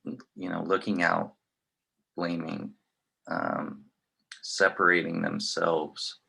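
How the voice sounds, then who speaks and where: Very deep, gravelly young man. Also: flat delivery, slow pace, pushed and bright. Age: young adult. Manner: hesitant, many fillers. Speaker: college student asking questions. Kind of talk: casual conversation.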